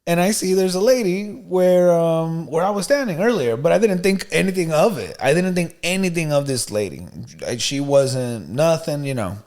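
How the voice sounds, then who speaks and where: A man co-hosting a podcast, telling a story in a casual, animated, slangy way. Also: fairly high pitch, normal speed, few pauses. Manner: animated, slangy, "you know what I mean", "bro". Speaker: podcast co-host.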